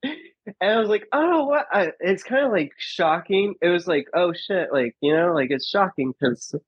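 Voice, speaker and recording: A man's voice: sits high, normal speed, breathy edge, dry recording. Laughing, chatty man with dull lo-fi sound. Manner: chatty, filler-heavy, laughs often, acts out quotes. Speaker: podcast guest, comedian. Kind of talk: casual storytelling.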